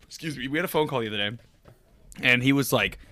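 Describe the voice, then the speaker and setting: A man co-hosting a casual podcast chat, tossing in jokey, quick quips. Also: medium pitch, sharp tone, no echo. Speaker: podcast co-host.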